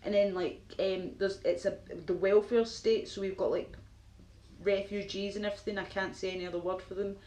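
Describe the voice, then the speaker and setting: A Glaswegian woman from Scotland chats casually with viewers on a live stream, answering them in a rambling way packed with fillers and frequent laughs. Her mid-range voice is mellow and steady in tone, moving a little fast. The recording has a roomy echo and faint background noise.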